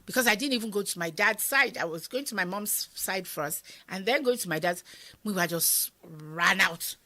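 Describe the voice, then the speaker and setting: A middle-aged woman with a Nigerian accent tells a painful family story as an interview guest. Her voice sits low, with a husky, gravelly grain and a bright, tense edge. She acts out the other voices and sinks to a whisper when the memory bites. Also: a little slow. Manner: animated, acts out quoted voices, drops to whispers. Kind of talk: emotional personal storytelling.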